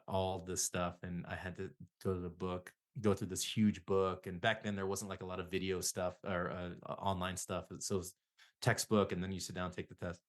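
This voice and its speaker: A middle-aged man, a psychotherapist guest, telling rambling self-deprecating stories in a casual interview. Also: low voice.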